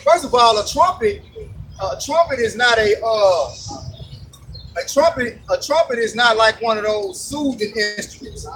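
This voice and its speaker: A man with a very high voice preaches on the street in a blunt, emphatic way. He is picked up from a distance, with clear traffic noise behind him. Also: lively intonation, unhurried. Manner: forceful, blunt, cussing, emphatic.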